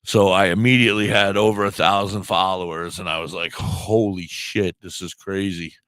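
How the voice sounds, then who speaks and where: Deep-voiced man with a sore throat on a talk radio show, telling a story with swearing and acted-out dialogue. Clear, dry sound. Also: brisk, no room sound. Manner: animated, acts out quoted dialogue, swears freely. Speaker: puppeteer and live streamer.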